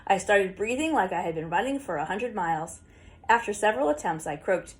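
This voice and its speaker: A woman reading a first-person story aloud as an audiobook, in a steady, plain storytelling manner. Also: mid-range voice, brisk. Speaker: audiobook reader.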